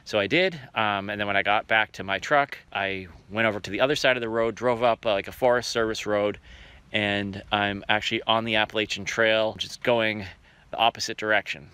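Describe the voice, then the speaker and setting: A man's voice: on the low side, fairly even intonation, fairly quick, bright, forceful tone, smooth, no echo. A man filming himself on a hike outdoors, giving casual, wry running commentary. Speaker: hiker filming his trip. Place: outdoors on a forest trail.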